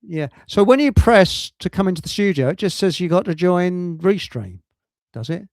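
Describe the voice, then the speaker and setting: A man hosting a casual livestream, rambling and halting over technical trouble with many restarts. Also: sits high, expressive, darkish tone, no room sound, clean studio sound. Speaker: livestream host. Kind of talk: casual chat. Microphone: computer mic on a video stream.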